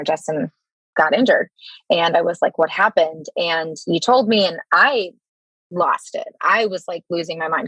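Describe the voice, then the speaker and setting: A woman in her thirties with an American accent, a guest telling her Army stories in a candid interview, halting with many fillers and restarts. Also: on the low side, fairly bright tone, dry recording, low-quality recording.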